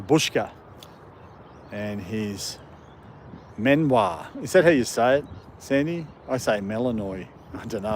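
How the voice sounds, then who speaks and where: A man's voice: medium pitch, darkish tone, a little hiss or hum. Chuckling man with an Australian British accent. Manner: rambling and chuckling, talking to chat and dogs. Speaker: live-stream host walking his dogs. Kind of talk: casual live-stream chat. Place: outdoor park. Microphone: phone.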